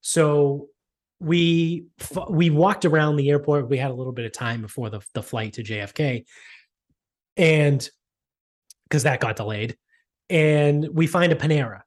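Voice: medium pitch, measured pace. Brief: exasperated podcast host ranting a story, swearing freely, mocking tone. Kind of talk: casual storytelling rant.

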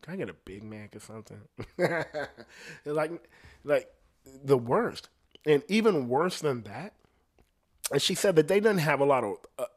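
A man telling a story in a casual, animated monologue, swearing freely and putting on voices for the people he quotes. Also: mid-range voice. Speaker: singer recounting a story.

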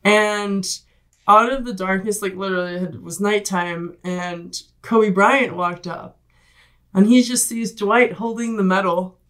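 A woman guest in a podcast interview, telling a story in a casual, animated way, acting out quoted voices and laughing often. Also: mid-range voice, a little slow. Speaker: guest, Olympic rower.

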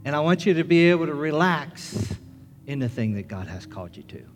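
A middle-aged man, a pastor, preaching a sermon in an earnest storytelling manner, rising to loud excitement as the story builds. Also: a little high, fairly quick. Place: church sanctuary. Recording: reverberant church with music.

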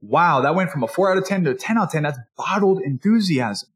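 Energetic man, a touch high-pitched. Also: quick pace. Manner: energetic and enthusiastic, animated delivery; acts out customer and salesperson dialogue. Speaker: speaking coach and podcast host. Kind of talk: motivational teaching talk.

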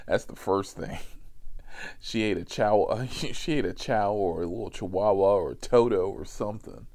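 A man, a rideshare driver, telling a comic story in an animated, profane way with many asides. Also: fairly low pitch, slow pace, pauses often.

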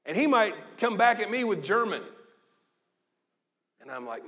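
A man in his fifties, a pastor giving a lively, joking, conversational sermon in a church. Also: high voice, normal speed, pauses often. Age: 50s. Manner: animated, joking, conversational preaching. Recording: long echo of a large hall.

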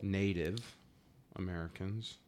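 A man's voice: deep voice, takes it slowly. A man co-hosting a comedy podcast, chatting casually and telling crude stories. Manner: crude, storytelling, animated. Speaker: podcast co-host.

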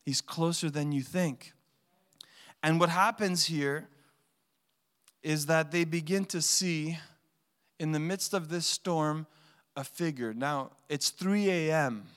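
A man's voice: fairly high pitch, clear, resonant tone. A man preaching a sermon as a pastor, talking conversationally and acting out quoted voices with feeling. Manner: conversational preaching, animated quoting. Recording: long hall reverb.

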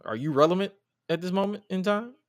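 Dude cohosting a wrestling podcast, kinda high voice, super animated, cusses a lot, acts out what people said, dry close mic. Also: male voice, fairly quick, no echo. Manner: animated, profane, acts out quotes. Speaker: podcast co-host. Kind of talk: casual wrestling chat.

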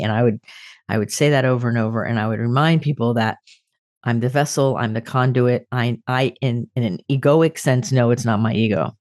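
A woman's voice: rumbling low, normal speed, darkish tone, no echo. An older woman hosting a podcast, sharing personal stories in an earnest, reflective way with frequent restarts. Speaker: podcast host. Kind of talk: reflective spiritual talk.

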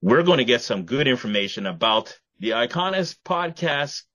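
Husky man hosting a playful podcast. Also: medium pitch, very animated, moderate pace, sharp tone. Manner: playful, theatrical announcements. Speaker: podcast host. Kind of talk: casual podcast chat.

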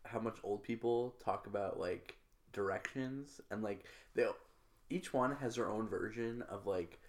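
A man's voice: lowish voice, unhurried, slight background noise. A young man co-hosting a podcast, rambling through stories in crude casual chat. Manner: rambling, crude, trails off often. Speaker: podcast co-host.

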